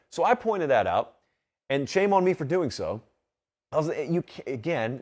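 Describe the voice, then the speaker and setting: A man's voice: a little high, darkish tone. A man hosting a solo sports talk show in a studio, emphatic and full of rhetorical questions. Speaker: host.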